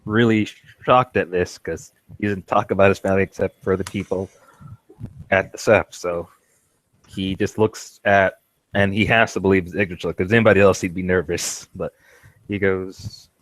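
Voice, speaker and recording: A man's voice: low voice, fairly even intonation, normal speed, no echo. A man describing his character's actions in a tabletop game, rambling with lots of fillers. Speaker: player.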